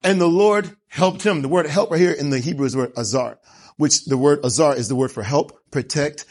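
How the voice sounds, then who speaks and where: A man's voice: mid-range voice, brisk, a little mellow, husky. A man preaching a sermon, telling the story with animation and asking rhetorical questions. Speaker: pastor.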